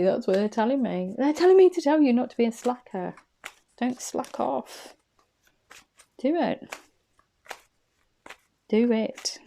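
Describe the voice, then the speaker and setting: A woman giving a casual, rambling tarot reading to camera, chatty and quick to laugh. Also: medium pitch, creaky, dark tone. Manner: rambling and chatty, laughs often, self-correcting. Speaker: intuitive tarot reader.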